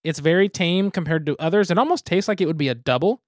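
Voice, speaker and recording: A man's voice: fairly high pitch, fast talker, no echo, clean studio sound. Easygoing man reviewing on a podcast. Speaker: podcast host. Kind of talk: casual podcast chat, beer and game review.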